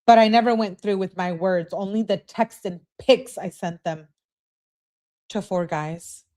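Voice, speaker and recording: A woman's voice: mid-range voice, a little slow, dark tone, lightly acted. A woman reading out the lines of a submissive young woman who pleads and apologizes. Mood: confessing.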